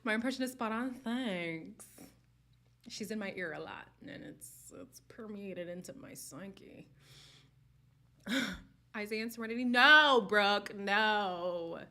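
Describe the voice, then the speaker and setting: A woman's voice: medium pitch, slow, a bit bright. A young woman hosting a live stream, chatting casually and candidly with viewers and laughing often. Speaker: host of a live reality-show chat stream.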